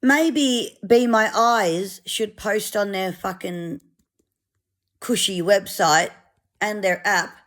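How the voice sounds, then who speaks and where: A woman ranting angrily, sweary and sarcastic. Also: medium pitch. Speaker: vlogger. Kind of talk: angry rant to camera.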